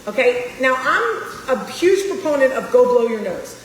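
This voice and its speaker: A woman's voice: high voice, sing-song, measured pace, slight background noise. A woman in her forties from New Jersey, telling a personal story straight to her viewers in a confiding, emphatic way. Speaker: vlogger. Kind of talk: casual storytelling to camera. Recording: roomy echo with long reverb.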